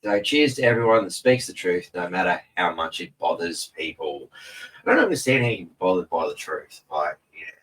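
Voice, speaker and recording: A man's voice: low-pitched, animated, normal speed, a bit bright, far from the mic, poor audio. An Australian man hosting a casual live stream from home, rambling and laid-back and swearing freely. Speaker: host. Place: home room in front of a TV. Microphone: camera mic set back from him.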